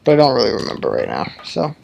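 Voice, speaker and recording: A man's voice: mid-range voice, huge pitch swings, fast, creaky, darkish tone, a little hiss or hum. A man giving casual, offhand commentary while playing a video game. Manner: offhand, joking. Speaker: gameplay commentator. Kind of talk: casual let's play commentary.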